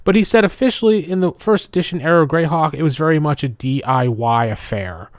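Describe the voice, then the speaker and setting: A man's voice: a little high, a little fast, no echo, clean studio sound. A man co-hosting a casual podcast, conversationally rounding up listener suggestions. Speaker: podcast co-host.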